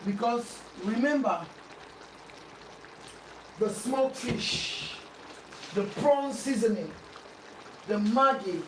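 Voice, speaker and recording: A woman's voice: fairly high pitch, lively intonation, very slow, long pauses, reverberant, recorded from a distance, background noise. A Sierra Leonean woman chatting casually while cooking at home, self-mocking and pleading with viewers for likes. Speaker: cooking vlogger. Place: home kitchen.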